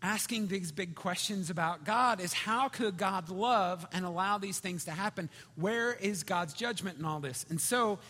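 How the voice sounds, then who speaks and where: A man preaching a sermon in a conversational, storytelling way, swinging between loud and hushed. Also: sits high, unhurried, hardly any pauses. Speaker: pastor. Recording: reverberant hall.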